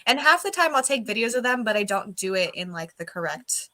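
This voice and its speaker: A woman's voice: medium pitch, big pitch swings, fairly quick, pushed and bright, dry recording. A woman co-hosting a casual livestream on a video call, chatting animatedly with friends and laughing often. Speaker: livestream co-host. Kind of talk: casual group chat.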